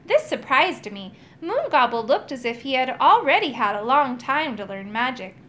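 High, animated woman reading a story aloud. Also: normal speed. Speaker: audiobook reader.

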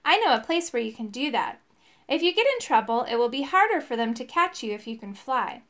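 A woman's voice: fairly high pitch, very animated, fairly quick, a bit bright. A woman voicing a friendly, encouraging male elf in a storybook. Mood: reassuring.

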